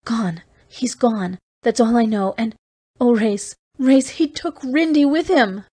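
A woman's voice: brisk, warm tone, lightly acted. A woman doing a distraught young woman pleading. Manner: high, strained, breaking pleas.

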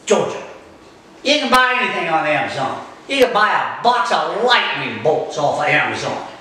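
A man's voice: on the high side, big pitch swings, normal speed, sharp tone, slight background noise. A man hosting a comedic folksy monologue, joking with viewers and talking to his dog, recorded from a distance in an echoey room. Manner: folksy, jokey, addresses viewers directly.

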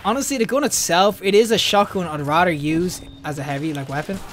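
A young man giving excitable live commentary over his own gameplay, yelping and laughing when things go wrong. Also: high voice, a little fast, a little hiss or hum. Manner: excitable, yelps and laughs at deaths. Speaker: gaming YouTuber.

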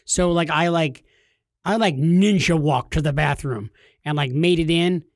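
A man in his thirties, a podcast co-host, telling a funny story casually and jumping into high, shouty voices when he quotes people. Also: a little slow, no echo, clean studio sound.

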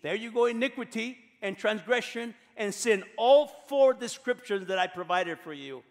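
High-voiced animated male pastor. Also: normal speed, few pauses. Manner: animated, emphatic preaching. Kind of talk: sermon. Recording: long church reverb.

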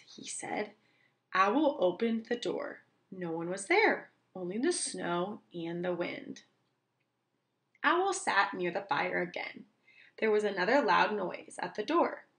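A woman teacher reading a children's book aloud, slowly and clearly for young children. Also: mid-range voice, animated, a bit bright.

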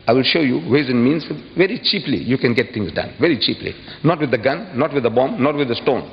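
A man's voice: medium pitch, brisk, a little hiss or hum. Emphatic male lecturer in an echoing hall. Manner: animated and emphatic, with repeated rhetorical questions. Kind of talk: public lecture to an audience. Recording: dull lo-fi archive recording in a reverberant hall.

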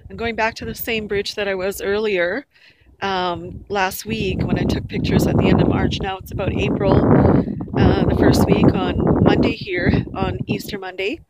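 A woman vlogger with a mid-range voice talks to her handheld camera at a moderate pace with lively intonation while walking and jogging through a park by a river bridge. A little out of breath, she chats casually, rambling and correcting herself, and the outdoor camera audio is noisy.

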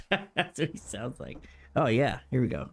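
A man giving casual, excitable, profane gameplay commentary to himself from a small room at his computer. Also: mid-range voice, normal speed. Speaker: gamer.

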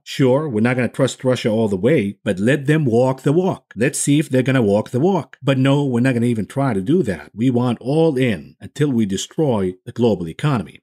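Husky, sarcastic male market commentator. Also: medium pitch, darkish tone. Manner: combative, sarcastic ranting. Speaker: finance show host.

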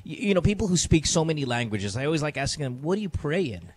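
Brash, lively male podcast host. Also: on the high side, quick pace, a little hiss or hum. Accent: American-accented English. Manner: brash, profane, joking. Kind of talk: casual chat.

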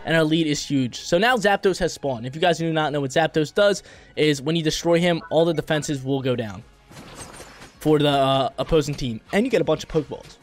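This is a young man commenting live on his own gameplay, slangy and quick to react. His voice sits a little higher than most men's. Faint game music plays underneath. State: briefly coughing. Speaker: gaming YouTuber.

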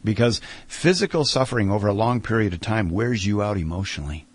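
A middle-aged man speaking earnestly in an interview, sharing a heartfelt story about faith and slowing down for emphasis. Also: on the low side.

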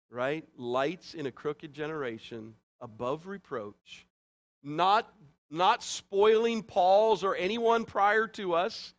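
Earnest, higher-voiced male pastor preaching. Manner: earnest, conversational preaching with sudden loud rises and soft drops. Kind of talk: sermon.

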